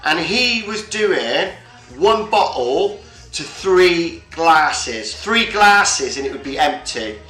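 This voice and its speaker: A man's voice: on the high side, sharp tone. A man chatting casually on a livestream, swearing often and rambling from point to point. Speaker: livestream host. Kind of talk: casual chat. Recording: roomy echo, faint music behind.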